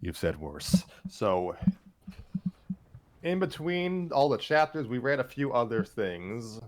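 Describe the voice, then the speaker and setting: A man's voice: mid-range voice, very animated, slow pace, slight background noise. A young man hosting a casual chat, easygoing and dry. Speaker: podcast host.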